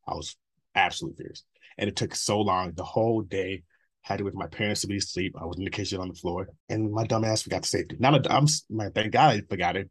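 This interview guest is a man in his thirties whose husky, low voice moves at a rapid pace and carries a rough edge. Swearing freely and speaking bluntly, he laughs in between the stories he tells during the candid interview.

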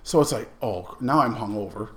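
A middle-aged man, a podcast guest telling a story in a casual, animated way and slipping into quiet asides. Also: fairly low pitch, normal speed, crowd noise. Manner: animated, acts out the people in his stories, drops to quiet asides.

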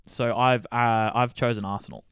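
A man's voice: mid-range voice, fairly even intonation, normal speed, fairly bright tone, clear, resonant tone, dry recording, studio quality. A man co-hosting a sports podcast in casual chat, joking and swearing now and then. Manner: jokey, swears, laughs a lot. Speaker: podcast co-host.

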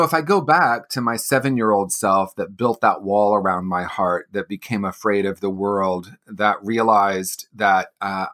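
Guest voice: earnest man in his sixties, slightly low pitch, reflective. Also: a bit bright. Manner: earnest, personal, with light laughs. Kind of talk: reflective interview answers.

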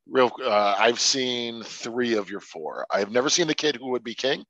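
A man in a casual podcast chat about movies, talking animatedly and swearing freely. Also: dry recording. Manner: animated, swearing, mimics people in sudden high voices. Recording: dull lo-fi sound.

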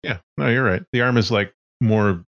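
A man with a very deep voice running a tabletop game. He narrates loosely and casually, full of fillers and restarts. The recording is dry and slightly dull. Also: normal speed, no room sound. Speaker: game master.

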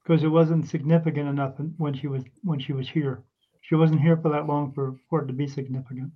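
A man with a fairly high voice tells stories in a loose, animated way, slipping into the voices of the people in them. The sound is muffled and lo-fi. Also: a little fast, breathy edge. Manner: animated anecdote-telling, acts out quoted voices. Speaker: psychic guest. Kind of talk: casual storytelling.

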